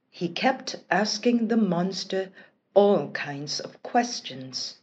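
A woman narrating a children's storybook in a slow, expressive, careful reading voice. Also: mid-range voice, breathy edge, highs cut off.

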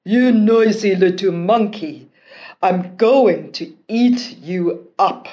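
A woman voicing a fierce male island monster in a storybook, loud, slow and threatening. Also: mid-range voice, dull audio, natural voice. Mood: angry.

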